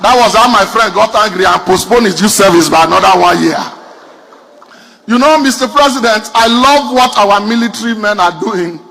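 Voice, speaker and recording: A man's voice: sits high, moderate pace, gravelly, bright, forceful tone, slight background noise. A Nigerian man performing a stand-up comedy routine. He tells punchy stories straight to the audience. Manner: addresses the audience directly, punchy storytelling.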